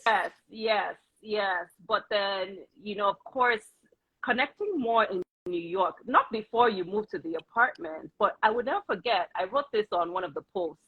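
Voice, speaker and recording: A woman's voice: medium pitch, animated, moderate pace, husky, no room sound. A woman in her forties from Nigeria, a guest chatting casually and praising her host with emotion. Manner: effusive, emotional praise with laughter. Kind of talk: casual conversation. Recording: dull, muffled sound.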